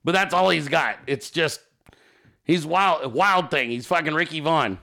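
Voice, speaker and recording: A man hosting a podcast in casual, profane, joking chat, quick to laugh. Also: fairly high pitch, gravelly, pushed and bright. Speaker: podcast host.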